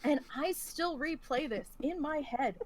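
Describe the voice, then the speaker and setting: A woman co-hosting a podcast, retelling a gaming mishap in a lively, laughing way. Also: high voice, unhurried, crowd noise. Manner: animated, laughs through the story. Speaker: podcast co-host. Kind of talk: casual storytelling chat.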